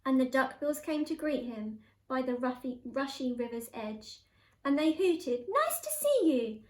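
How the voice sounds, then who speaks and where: A woman teacher reading a picture book aloud in an expressive, sing-song way. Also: sits high, unhurried. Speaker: primary school teacher. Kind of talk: storybook read-aloud. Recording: echoey room.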